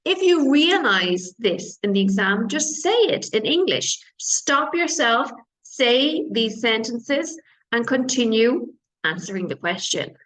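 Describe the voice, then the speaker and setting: A woman teaches an online exam-prep lesson in a fairly high voice. She explains slowly and repeats each phrase so that students can follow. She stops now and then to gloss a word. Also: very animated, fairly bright tone, low-quality recording. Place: based in Spain.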